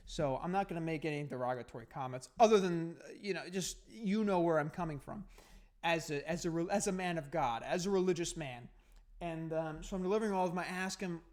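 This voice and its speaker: A man's voice: on the high side, fairly quick. A man hosting a podcast, telling a story in casual, profane, heated rambling. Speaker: podcast host.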